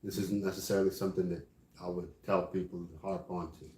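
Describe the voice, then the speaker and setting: A man's voice: sits low, flat delivery, quick pace, mellow. A man leading a religious study class. He keeps checking in with his listeners by asking "right?". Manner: frequently asks "right?". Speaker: class teacher. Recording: echoey room.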